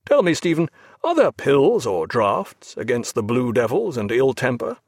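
A man voicing a hearty, earnest male naval captain in an audiobook, brisk and commanding. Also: mid-range voice, very animated, a little mellow, no echo, clean studio sound. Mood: rueful.

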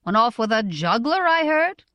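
A woman's voice: a little high, very animated, moderate pace, fairly bright tone, clean tone, no room sound, voice pushed up. A woman voicing a hearty, blustery merchant in his mid-forties who teases his family, in a dry recording. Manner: blustery, teasing.

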